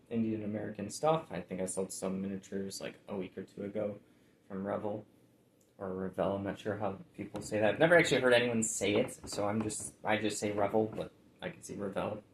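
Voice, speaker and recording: A man with a low, gravelly voice talks in a laid-back, rambling way, full of "like" and "uh". He sounds as though he is in an echoey room, with faint background noise. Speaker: reseller showing sold items. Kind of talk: casual chat.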